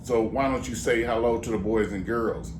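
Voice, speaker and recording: A man's voice: medium pitch, steady tone, moderate pace, roomy sound, a little hiss or hum. A man performing as a ventriloquist for children, coaxing and mock-exasperated with his parrot puppet. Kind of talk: children's comedy act.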